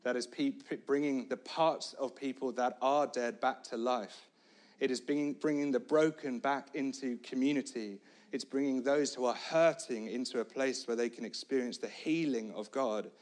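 Guy preaching a sermon, dramatic storytelling, goes quiet then shouts, mid-pitched voice. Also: normal speed.

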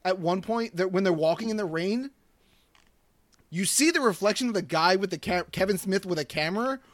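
A man co-hosting a podcast, rambling in animated, casual talk about films. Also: high voice, fairly quick, no room sound. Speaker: podcast co-host. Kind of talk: casual chat.

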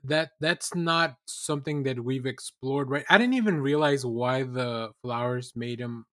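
A man's voice: mid-range voice, a bit bright, dry recording, studio quality. A man co-hosting a podcast, chatting casually about a TV episode with frequent restarts and fillers. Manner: halting, many restarts and fillers. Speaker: podcast co-host. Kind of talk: casual recap chat.

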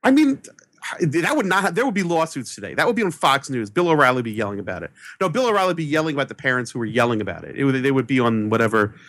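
Excitable man telling stories animatedly. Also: rapid-fire, no echo, clean studio sound. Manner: excitable, acts out quoted voices with big pitch jumps. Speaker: movie critic, podcast guest. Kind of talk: animated anecdotal storytelling.

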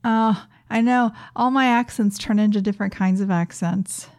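Lively middle-aged woman podcast host. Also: medium pitch, moderate pace. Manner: lively, laughing, fond of "like". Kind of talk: casual chat.

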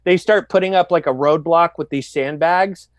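A man's voice: a little high, normal speed, no echo. A man telling crude, rambling stories in a casual chat between friends. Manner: profane, rambling, animated storyteller.

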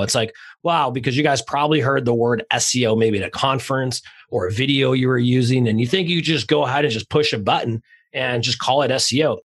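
A man hosting a podcast, talking fast and raw in a casual, energetic way with mild swearing. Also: medium pitch. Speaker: podcast host.

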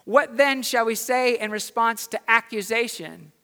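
A man's voice: very high-pitched, measured pace, gravelly, pushed and bright, big-room sound. A man preaching a sermon as pastor in a church, building his points through emphatic repetition. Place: church sanctuary.

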